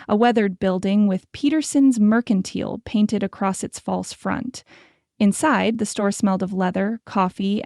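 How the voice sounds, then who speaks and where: A woman narrating a historical romance audiobook in a steady, scripted storytelling manner. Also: mid-range voice, gravelly, dry recording, clean studio sound.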